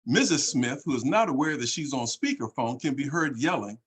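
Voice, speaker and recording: A man's voice: mid-range voice, expressive, unhurried, a bit bright, husky. A man hosting a podcast panel and reading out a discussion scenario in an orderly way. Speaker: podcast host.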